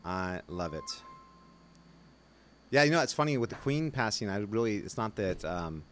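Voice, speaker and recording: A middle-aged man hosting a podcast in casual, joking banter, chatty and quick to put on accents. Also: on the low side, lively intonation, fairly bright tone. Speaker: podcast host.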